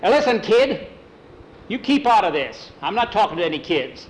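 A man's voice: fairly high pitch, lively intonation, fast talker, lightly acted, poor audio. A man voicing a bossy, hot-tempered ranch foreman who barks threats. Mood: impatient. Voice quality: barking, threatening, loud.

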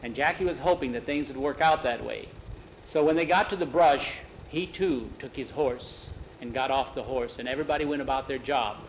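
A man telling a story aloud in a plain, unhurried way. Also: medium pitch, muffled recording, a little hiss or hum. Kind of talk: oral storytelling.

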